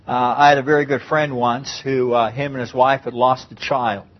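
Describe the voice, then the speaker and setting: A man's voice: medium pitch, flat delivery, moderate pace, muffled recording. A man preaching a conversational Bible-teaching sermon, often repeating and restarting his phrases.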